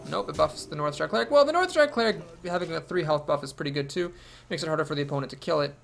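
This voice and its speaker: A man's voice: fairly high pitch, expressive, fast talker, vocal fry, fairly bright tone. A man thinking aloud as he commentates his own card game, with wry asides. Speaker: gameplay commentator.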